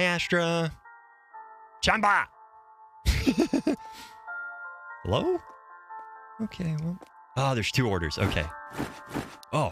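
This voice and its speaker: A man's voice: fairly low pitch, a bit bright. A young man casually commentating a game on a live stream, joking, crude and swearing freely.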